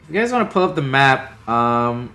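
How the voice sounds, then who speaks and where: Easygoing game master with faint music. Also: male voice, medium pitch, big pitch swings, moderate pace, bright, forceful tone. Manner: casual, filler-heavy, easygoing. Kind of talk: narrating a tabletop game.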